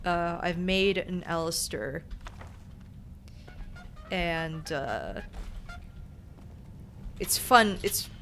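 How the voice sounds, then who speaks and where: A woman's voice: fairly low pitch, drawn-out words, long pauses, fairly bright tone, soft background music. A young adult woman streaming a game, chatting casually in a rambling, self-conscious, giggly way. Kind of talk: casual gaming stream chat.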